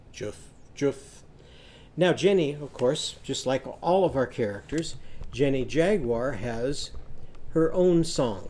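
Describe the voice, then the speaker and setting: A man's voice: mid-range voice, darkish tone. A man teaching a children's literacy lesson, patiently talking students through hand gestures.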